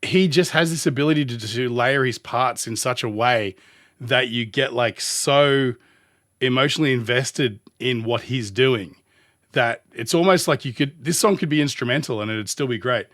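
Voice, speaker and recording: An Australian man, a music producer, giving casual commentary as he reacts to a song, thinking aloud and rambling as he pauses the track. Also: medium pitch, a bit bright, no room sound, clean studio sound.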